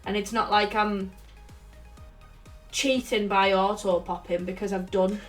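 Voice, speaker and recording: A woman's voice: mid-range voice, steady tone, unhurried, a bit bright, distant mic. Female co-host, chatty and giggly, slightly off-mic, faint music behind. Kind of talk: casual chat.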